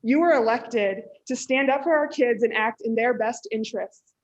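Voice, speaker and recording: A woman's voice: fairly high pitch, normal speed. A woman, a mother and educator, reading an earnest prepared statement during public comment at a school board meeting. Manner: earnest, pleading. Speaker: parent speaking at public comment. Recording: dull lo-fi meeting audio.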